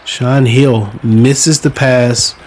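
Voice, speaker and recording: A man giving casual, chatty play-by-play of his own football video game, relaxed and self-mocking, now and then bursting out excitedly. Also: mid-range voice, extremely slow. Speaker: podcast host playing a football video game. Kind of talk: casual play-by-play commentary while gaming. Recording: game crowd noise behind the voice. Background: stadium crowd sound from the game.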